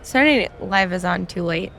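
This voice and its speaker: A woman's voice: on the low side, animated, a little fast, creaky, a bit bright, slight background noise. A woman co-hosting a live podcast at a conference, chatting casually with lots of fillers. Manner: chatty, lots of likes and ums. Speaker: podcast co-host. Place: conference hall floor.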